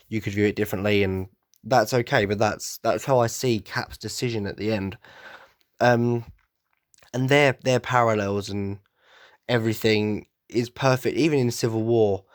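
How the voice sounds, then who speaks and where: A man's voice: on the low side, no echo, studio quality. A man talking on his own podcast in a loose, rambling way, stumbling and restarting as his enthusiasm runs ahead of him. His voice sounds a bit blocked up and nasal from hay fever. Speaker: podcast host. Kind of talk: casual solo podcast monologue.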